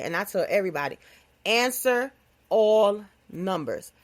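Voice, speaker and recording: A woman hosting her own podcast, talking in a playful, animated, casual comedic monologue with phrasing. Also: medium pitch, a little fast. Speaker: podcast host.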